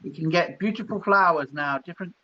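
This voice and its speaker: High-voiced male psychic, chatty. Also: brisk. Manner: chatty, laughing between readings. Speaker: psychic reader. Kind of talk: live-stream psychic reading. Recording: dull lo-fi stream audio.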